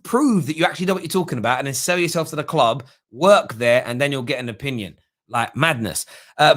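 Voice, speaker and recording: Animated man hosting football chat. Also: fairly high pitch. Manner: animated, mocks others in a whiny put-on voice. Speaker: host of a football fan show. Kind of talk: casual football chat, taking callers.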